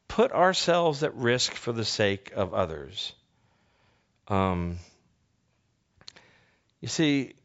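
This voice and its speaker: A man's voice: medium pitch, smooth. A man preaching a conversational sermon, telling a story and asking the listeners rhetorical questions, with frequent restarts. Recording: dull lo-fi recording.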